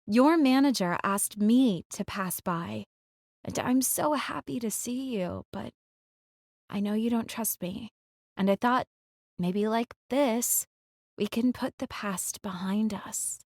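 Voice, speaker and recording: A young woman singer, read by a female audiobook narrator, pleading softly with an ex she hurt. Her voice sits a little high and earnest. The read is close and dry, with no room around it. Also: slow, dry recording. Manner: soft, pleading, defensive. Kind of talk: audiobook character dialogue. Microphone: close studio mic.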